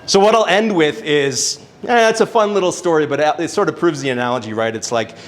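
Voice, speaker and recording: A young adult man telling a casual, animated story as a speaker at a networking event, swearing now and then. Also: on the high side, fairly quick. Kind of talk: storytelling talk on stage. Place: event venue with live audience.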